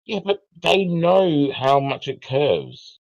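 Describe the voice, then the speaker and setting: A man who has been drinking, arguing in an online debate, halting with fillers and swearing when flustered. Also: a little high, very animated, no echo, dull audio. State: tipsy from drinking.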